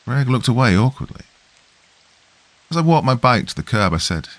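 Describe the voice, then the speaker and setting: A man's voice: medium pitch, big pitch swings, normal speed, long pauses, a bit bright, no echo. A man reading a horror story aloud as a scripted first-person narration.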